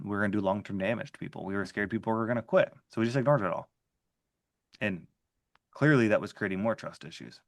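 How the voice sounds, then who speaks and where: A man with a fairly low voice tells a story from his working life in a loose, conversational way. He leans on "like" and trails into restarts as he talks, and his voice sits dry and close with no room around it. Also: no room sound. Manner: conversational, filler-heavy with frequent "like". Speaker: interview guest, former HR manager. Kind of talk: casual storytelling.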